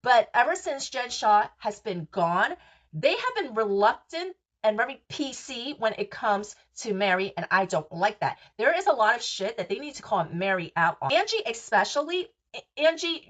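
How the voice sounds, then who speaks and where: A woman's voice: fairly high pitch, very animated, normal speed, a bit bright. Blunt, gossipy New York woman podcaster. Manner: blunt, swears freely, gossipy. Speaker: podcast host. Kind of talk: casual reality TV recap.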